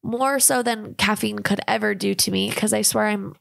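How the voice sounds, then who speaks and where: A woman's voice: medium pitch, steady tone, normal speed, gravelly, a bit bright. A woman co-hosting a podcast, a fitness trainer who earnestly talks listeners through breathing techniques in casual chat.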